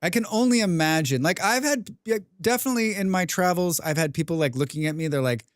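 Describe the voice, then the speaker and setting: A young man streaming a game, chatting casually with his viewers, rambling and clearing his throat often. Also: a little high, animated, fast talker, hardly any pauses, dry recording, clean studio sound. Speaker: gaming livestreamer. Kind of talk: casual livestream chat while playing.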